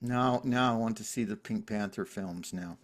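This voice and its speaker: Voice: medium pitch, normal speed, crowd noise. A participant chatting on a video call, recalling funny scenes and laughing. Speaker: play reading participant. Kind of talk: casual chat on a video call.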